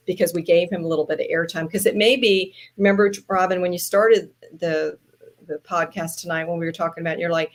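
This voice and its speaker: Woman, Southern US accent, animated, podcast guest, casual chat. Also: on the low side, fairly quick. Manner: animated, playful storyteller. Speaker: podcast guest, trainer and speaker.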